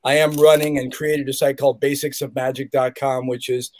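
A man's voice: medium pitch, level tone, a little fast, no echo, clean studio sound. A man who is a guest on a podcast, telling stories in a joking, rambling way in casual chat. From California. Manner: jokey, rambling storyteller.

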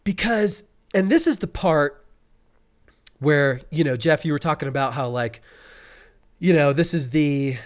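Animated man telling a story on a podcast. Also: on the high side, a little slow, pauses often. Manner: animated storyteller acting out frustrated curses. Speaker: podcast co-host. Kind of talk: casual podcast chat.

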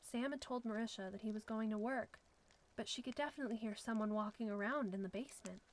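A woman narrating a suspenseful story in a steady storytelling manner. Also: a little high, quick pace, low-quality recording.

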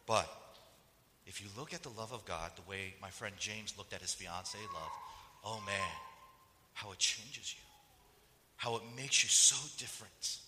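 Here a pastor with a lowish male voice preaches conversationally at a measured pace, pausing often. He tells stories with animation, acting out the voices of the people in them, and the recording carries a big-room sound.

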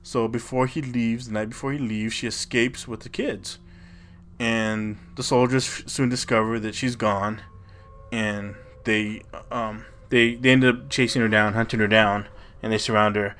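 Male podcast co-host with a lowish voice, who tells a legend in loose, casual chat. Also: fairly even intonation, moderate pace, fairly bright tone, slight background noise. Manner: loose and profane, retelling a legend with frequent "you know" and "like".

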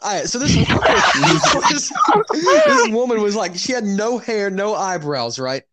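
A man's voice: high voice, very animated, measured pace, fairly bright tone, no room sound. A teenage young man in a casual chat with friends, rambling and hesitant, often laughing. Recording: faint background noise.

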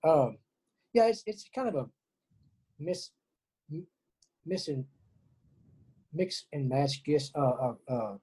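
A man's voice: a little high, very animated, takes it slowly, long pauses, dark tone, husky, rough recording. A middle-aged man from Texas, an interview guest speaking earnestly and emotionally about spirituality, often repeating words and restarting. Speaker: interview guest, former prisoner.

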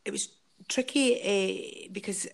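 A woman's voice: medium pitch, slow pace, creaky. A middle-aged woman with a Scottish accent, an actress sharing anecdotes in a casual interview, laughing often as she tells stories.

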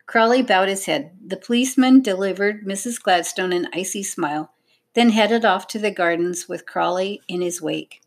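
A woman narrating a children's audiobook in an expressive, measured storytelling manner. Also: medium pitch.

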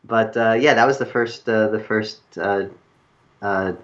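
A middle-aged man from New York with a New York accent, a guest telling long stories in a rambling, halting way that keeps correcting itself. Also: on the low side, steady tone, lo-fi sound. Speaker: guest screenwriter. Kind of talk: casual interview storytelling.

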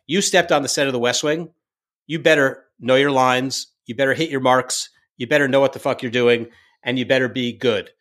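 A man telling stories from his directing days in a casual interview, lively, full of fillers and restarts. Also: mid-range voice. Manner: animated anecdote-telling, acts out quoted lines; frequent fillers and self-restarts.

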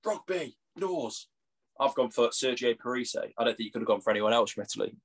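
A man's voice: medium pitch, lively intonation, fairly quick, husky. Jokey young Englishman, podcast chat. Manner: jokey, laughs often. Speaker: podcast co-host. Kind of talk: casual chat.

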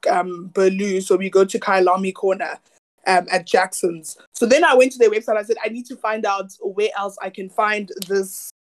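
A woman's voice: medium pitch, steady tone, moderate pace. A woman from South Africa co-hosting a podcast in a casual, chatty way, laughing and dropping slang. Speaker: podcast co-host. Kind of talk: casual chat.

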